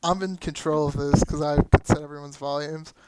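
A man's voice: on the high side, steady tone, fairly quick, darkish tone, clean tone. A young man co-hosting a casual podcast, playful, slipping into mock-formal announcer lines. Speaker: podcast co-host.

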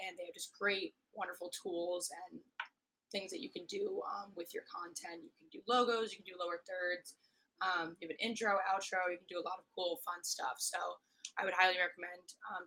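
Hoarse, chatty young woman podcaster. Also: mid-range voice, pushed and bright, poor audio. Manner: chatty, swears often, rants with mock aggression. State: hoarse, voice worn from screaming. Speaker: podcast host. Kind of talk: casual solo podcast chat.

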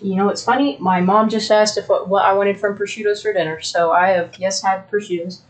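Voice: mid-range voice, fairly even intonation, fairly quick, poor audio. Chatty young podcast co-host. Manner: chatty, talks while cleaning a carpet stain. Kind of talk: casual chat.

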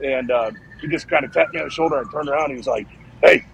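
A man's voice: fairly high pitch, racing, vocal fry, a bit bright, muffled recording, a little hiss or hum. A man in his thirties, a former pro football lineman, telling stories in a casual, profane, rambling podcast chat. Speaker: former NFL offensive lineman guest.

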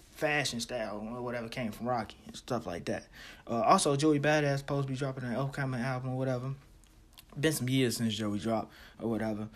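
A man's voice: medium pitch, fairly bright tone. A man hosting a music show, chatting loosely with many fillers and repeats. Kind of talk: casual chat.

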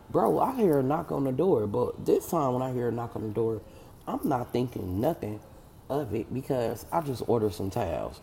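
Gravelly-voiced man telling a blunt story. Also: medium pitch, warm tone, a little hiss or hum. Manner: blunt, profane, acts out quoted voices. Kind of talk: casual storytime.

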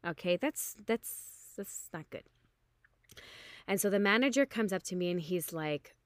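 A hungover woman telling a story in a casual way, animated, and she acts out the people she quotes with big jumps in pitch. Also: normal speed, no room sound, studio quality. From Canada.

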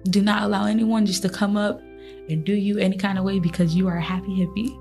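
A woman's voice: mid-range voice, flat delivery, quick pace, darkish tone, soft background music. A woman hosting a motivational faith podcast, speaking earnestly and encouragingly to her listeners, often breaking into laughter. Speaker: podcast host.

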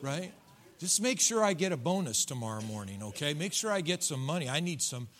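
A middle-aged man delivers a sermon from a church pulpit with a folksy, teasing manner. His voice sits a little high and rings bright and forceful, and he slips into playful voices of his listeners. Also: sing-song, brisk. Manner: folksy, joking preacher acting out congregants. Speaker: pastor. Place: church sanctuary.

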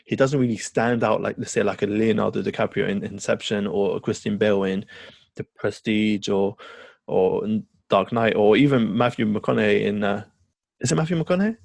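A man's voice: on the low side, normal speed, creaky, darkish tone, no room sound. A man co-hosting a podcast, chatting eagerly and rambling, swearing now and then. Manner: enthusiastic, rambling, swears casually. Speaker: podcast co-host. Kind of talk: casual chat.

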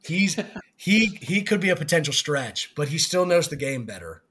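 A man's voice: a little high, sing-song, moderate pace, slightly rough. Blunt man co-hosting a sports podcast. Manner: blunt opinions, trails off softly at line ends. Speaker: podcast co-host. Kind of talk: casual sports chat.

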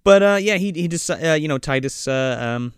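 A man's voice: a little high, lively intonation, fairly quick, clear, resonant tone, dry recording, studio quality. A man co-hosting a casual podcast, recapping a horror episode with profanity and putting on Southern voices when he quotes characters. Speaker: podcast co-host.

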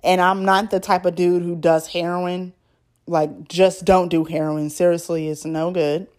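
Chatty woman narrating a story, low-ish voice. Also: level tone, a little slow, a little mellow. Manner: chatty, stumbles over words and adds asides. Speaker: podcast storyteller reading a listener's story.

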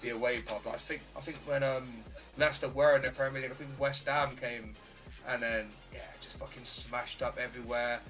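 A man's voice: medium pitch, steady tone, brisk. A man guesting on a podcast, chatting casually with plenty of swearing. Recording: bright voice far from the mic, faint music.

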